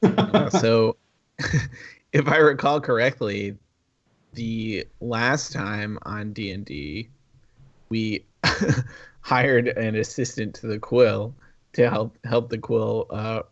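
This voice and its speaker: A man recapping a tabletop campaign in a hesitant, easygoing way, with ums and quiet laughs. His voice is low and he talks slowly, and the recording sounds slightly dull and lo-fi. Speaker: player. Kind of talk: casual podcast banter.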